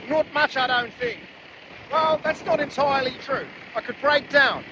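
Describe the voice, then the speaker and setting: A man's voice: very high-pitched, normal speed, bright, forceful tone, lo-fi sound. Chatty man vlogging from a moped. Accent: put-on Australian-style accent at times. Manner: chatty, rambling, self-mocking, slips into put-on accents. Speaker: travel vlogger. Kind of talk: casual vlog chat. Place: outdoors in jungle, riding a moped. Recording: noisy outdoor camera audio. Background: engine and jungle noise.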